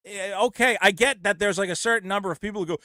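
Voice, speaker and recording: A man hosting a call-in podcast, talking in a loud, profane, ranting way on a close studio mic. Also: sits high, fast, dry recording. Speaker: podcast host. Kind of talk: casual call-in chat.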